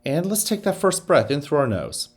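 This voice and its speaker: Soothing, animated school principal. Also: male voice, on the high side, husky. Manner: slow, soothing guided breathing, then upbeat announcements. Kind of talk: morning announcements with guided breathing.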